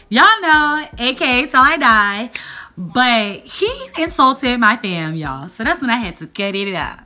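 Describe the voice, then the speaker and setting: A young woman telling a lively storytime vlog, calling out to her viewers as y'all. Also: high-pitched. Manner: animated, addresses viewers as y'all. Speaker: vlogger.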